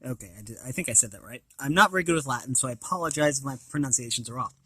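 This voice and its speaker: A man's voice: mid-range voice, very fast, pushed and bright, breathy edge, no room sound. A man reading a children's picture book aloud, stopping to describe the pictures and restarting words. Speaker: reader of children's books.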